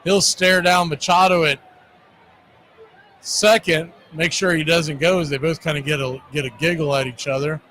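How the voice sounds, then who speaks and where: A man hosting a fan stream, calling baseball play-by-play in a radio style and shouting big plays with playful catchphrases. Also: a little high, fairly even intonation, moderate pace, a little hiss or hum. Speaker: play-by-play announcer.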